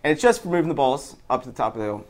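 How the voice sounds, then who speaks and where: A man's voice: medium pitch, very animated, very fast. Matter-of-fact man, interview guest. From Baltimore, USA. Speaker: guest, park owner. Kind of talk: casual interview.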